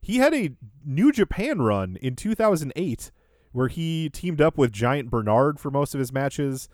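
A man's voice: a little high, big pitch swings, a little slow, darkish tone, dry recording, clean studio sound. A man hosting a podcast, casually recapping events in order and laughing easily. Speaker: podcast host.

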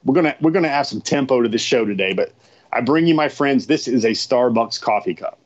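A man's voice: mid-range voice, fairly quick, highs cut off. A man hosting a live stream, talking casually to his viewers in a rambling, chatty way that often repeats itself.

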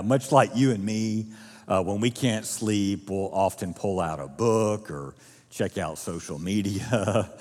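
A man's voice: lowish voice, breathy edge, big-room sound. A male pastor preaching a sermon, retelling a story vividly with casual asides to the congregation. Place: church auditorium.

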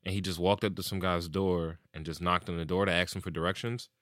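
A man's voice: low-pitched, steady tone, fast, fairly bright tone, no echo, studio quality. A man in casual chat, animatedly retelling stories and acting out what people said, with plenty of swearing.

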